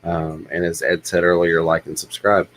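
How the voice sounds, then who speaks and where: Low-voiced guy hosting a chill livestream, rambly with lots of ums, faint hum behind. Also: normal speed, rough recording. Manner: relaxed, rambling, many ums. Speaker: livestream host. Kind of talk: casual livestream chat.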